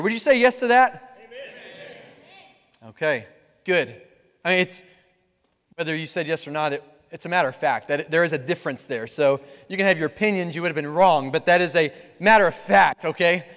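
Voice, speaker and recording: A man preaching a sermon as pastor, lively and conversational with touches of humor. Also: sits high. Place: large church sanctuary. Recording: long reverb of a large hall.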